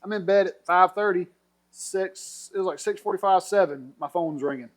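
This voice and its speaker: Guy spinning a yarn on a podcast, kinda high voice, does all the voices, laughs a lot. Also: normal speed. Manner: animated storyteller, acts out quotes, laughs a lot. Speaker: podcast guest telling a story. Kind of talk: casual storytelling over drinks.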